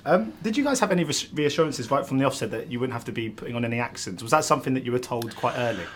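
A man's voice: medium pitch, expressive, very fast, a little hiss or hum. A man interviewing actors about a film, asking long, eager, rambling questions full of fillers.

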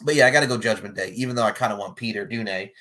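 A man hosting a casual chat, animated and joking, with sudden loud bursts. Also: on the low side, racing. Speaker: podcast host predicting wrestling matches.

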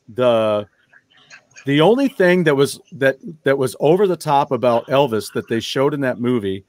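A man's voice: medium pitch, dry recording. A man hosting a podcast, chatting casually with frequent "you know" and "yeah". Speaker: podcast host.

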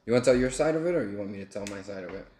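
Young guy from texas cracking jokes and rambling, lowish voice, roomy echo. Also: expressive, very fast, dark tone. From El Paso, Texas. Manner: joking, rambling storyteller. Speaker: vlogger. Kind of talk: casual story-time chat. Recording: echoey room, faint noise.

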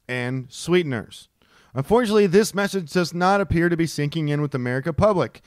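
A man co-hosting a casual comedy podcast who rants excitably and swears a lot. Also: fairly high pitch, smooth, no room sound, clean studio sound. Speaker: podcast co-host.

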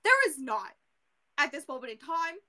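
A woman co-hosting a podcast, casually recapping a book in an animated way, full of fillers and the odd swear. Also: high voice, moderate pace. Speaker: podcast co-host.

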